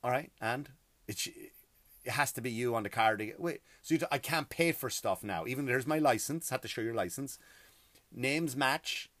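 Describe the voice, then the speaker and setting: A middle-aged host ranting about everyday hassles in an exasperated, profane, emphatic way. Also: male voice, medium pitch, expressive, moderate pace, fairly bright tone, dry recording. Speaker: podcast host. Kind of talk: comedic rant.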